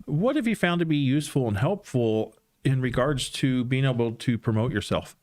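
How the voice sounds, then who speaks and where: A man's voice: mid-range voice, lively intonation, normal speed, darkish tone, no room sound, clean studio sound. A man hosting a podcast, asking a guest questions in an eager, fan-like way. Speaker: podcast host. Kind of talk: casual interview.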